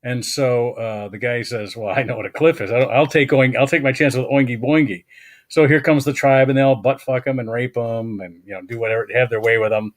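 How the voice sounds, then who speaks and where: A man's voice: medium pitch, brisk, no room sound. A man hosting a casual comedy podcast, telling jokes and laughing often. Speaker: host.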